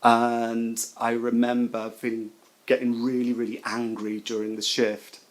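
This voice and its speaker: A middle-aged man, a former nurse, giving personal testimony in an emotional, halting way, often repeating his words. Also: mid-range voice, completely flat delivery, poor audio.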